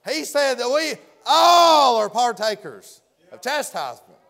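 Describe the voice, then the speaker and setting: A man's voice: extremely high pitch, very animated, a little slow, creaky, pushed and bright. A man preaching a folksy sermon, often hollering and acting out the story's characters.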